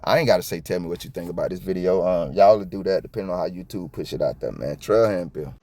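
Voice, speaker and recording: A middle-aged man from South Florida rants through a reaction video in a fast, tumbling delivery, blunt and profane. His voice sits fairly low. Every so often he trips over words, then presses right on. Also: warm tone, no echo. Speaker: copwatch commentator. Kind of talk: casual reaction commentary.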